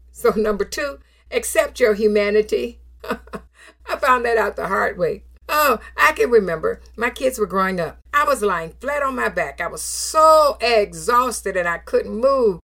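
A middle-aged woman preaching a sermon, emphatic and animated, moving through numbered points with scripture quotes and affirming hums. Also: medium pitch, vocal fry. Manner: affirming hums and soft laughs between phrases.

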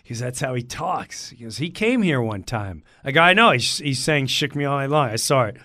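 A middle-aged man telling a story in a lively way, acting out the lines of the people in it. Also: medium pitch, fairly quick, no room sound, clean studio sound. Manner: acts out other people's lines in quoted voices. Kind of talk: animated storytelling.

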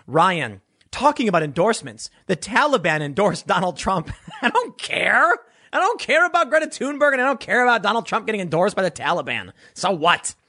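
Animated sarcastic man ranting. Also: high voice. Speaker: commentator. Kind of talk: unscripted commentary monologue.

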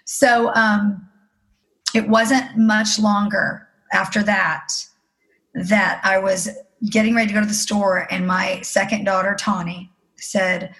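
A woman's voice: mid-range voice, fairly even intonation, slow, fairly bright tone, rough recording. A middle-aged woman telling a personal story as an interview guest, earnest and emotional. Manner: earnest, emotional, acting out the people she quotes.

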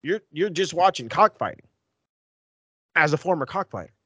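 A young man rants bluntly in casual podcast chat, swearing freely. His voice sits a little high, and the recording is dry and close. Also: moderate pace, breathy edge, no echo. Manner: blunt, profane, animated ranting. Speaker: podcast co-host.

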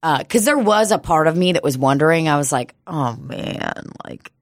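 A woman co-hosting a casual comedy podcast, telling profane, animated stories and acting out the people in them. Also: low-pitched, quick pace, no room sound, clean studio sound. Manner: profane, animated storytelling with voiced quotes. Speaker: podcast co-host.

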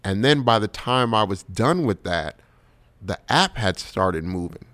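Animated New comedian, low voice. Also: male voice, unhurried. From New York. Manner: animated storyteller, swears freely, acts out quotes. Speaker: comedian guest. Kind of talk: casual podcast chat.

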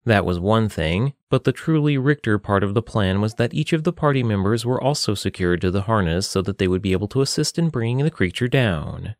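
A man reading a fantasy story aloud in a steady, measured way. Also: fairly low pitch, dry recording, clean studio sound. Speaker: narrator. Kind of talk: fantasy audiobook narration.

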